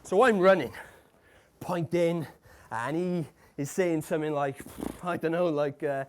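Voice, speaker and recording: An actor in a live stage monologue playing a tormented man who caught his wife cheating. He stammers, repeats broken phrases, and swings between hushed murmurs and shouts. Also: a little high, a little slow, natural voice. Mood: haunted. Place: café bar stage before a live audience.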